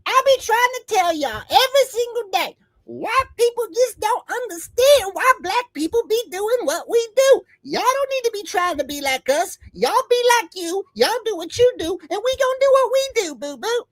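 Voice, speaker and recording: A man doing an impression of a famous female comedian, sassy and scolding, in a high voice. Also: very animated, dry recording, full character voice. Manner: sassy, scolding, drawn-out delivery.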